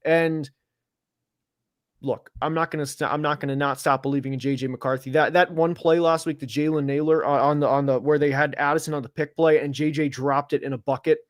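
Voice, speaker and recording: A man hosting a casual football preview stream, talking fast with lots of fillers and getting worked up as he argues his points, seated at a close mic. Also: a little high, no room sound. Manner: animated, gets worked up, filler-heavy. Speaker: host of a football preview show. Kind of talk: casual sports chat. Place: home studio, seated.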